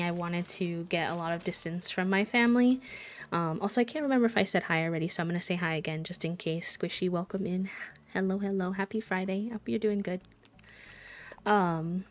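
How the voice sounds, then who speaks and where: A woman from Wisconsin chatting casually and rambling as a live streamer while she plays a video game. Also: lowish voice. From Wisconsin, USA.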